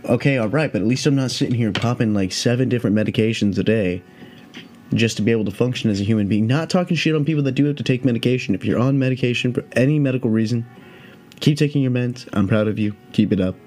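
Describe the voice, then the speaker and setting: A man's voice: mid-range voice, fast talker, a little mellow, faint music behind. A man hosting a casual solo podcast, rambling and swearing, with lots of "like" fillers. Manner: rambling, profane, heavy on "like" fillers. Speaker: podcast host.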